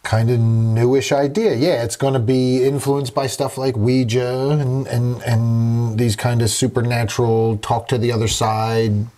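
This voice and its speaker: A man's voice: mid-range voice, flat delivery, a little slow, few pauses, dark tone. Guy co-hosting a horror podcast, rambly and crude, says "like" a lot. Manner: rambling, crude jokes, frequent fillers. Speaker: podcast co-host. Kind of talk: casual chat.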